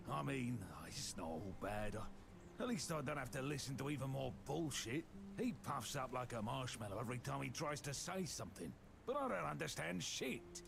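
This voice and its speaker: A man voicing a grumpy, foul-mouthed old former keeper in a video game, with a gruff, rambling way of talking. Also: mid-range voice, background noise, exaggerated voice. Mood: scornful. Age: older. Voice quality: gravelly. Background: game music.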